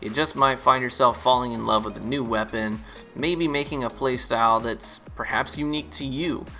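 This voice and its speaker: A man giving relaxed, chatty gameplay commentary as a streamer. He uses lots of fillers and laughs easily. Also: medium pitch, moderate pace, soft background music. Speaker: gaming YouTuber and streamer.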